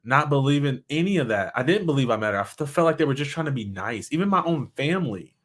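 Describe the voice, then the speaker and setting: A middle-aged man talks with a frank, reflective openness. His speech halts and restarts as he gathers his thoughts, the words sincere rather than polished, in a voice of ordinary middle pitch. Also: expressive. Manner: candid, halting, with many restarts and soft laughs. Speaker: motivational speaker and suicide survivor. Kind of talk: personal reflective talk.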